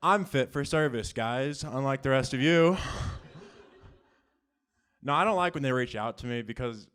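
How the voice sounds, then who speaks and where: A young man doing a self-deprecating stand-up set with quick asides and apologies to the crowd. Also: mid-range voice, fairly bright tone, clear, resonant tone. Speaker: stand-up comedian. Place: comedy club.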